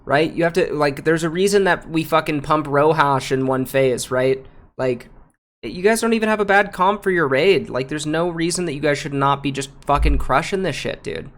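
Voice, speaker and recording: A man's voice: a little high, moderate pace, a bit bright. Profane, ranting male game streamer. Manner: repeats phrases, slangy with "bro" and "dude". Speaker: game streamer reviewing raid footage. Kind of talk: live stream commentary.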